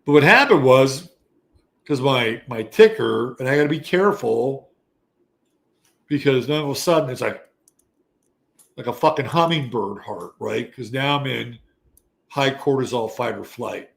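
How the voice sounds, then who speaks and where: An older man in his sixties tells a story with a gravelly, worn edge, his voice at an ordinary middle pitch. He talks like a host chatting to his audience, animated and loose, with a good deal of swearing. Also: measured pace, long pauses. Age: 60s. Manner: animated, profane, conversational. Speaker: astrology show host. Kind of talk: casual storytelling. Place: Texas.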